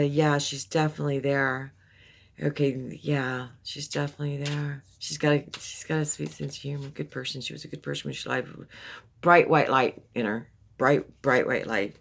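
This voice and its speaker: A tarot reader with a deep, fairly bright voice gives a casual, affectionate reading. She calls the listener "baby" and rambles, often repeating words and restarting.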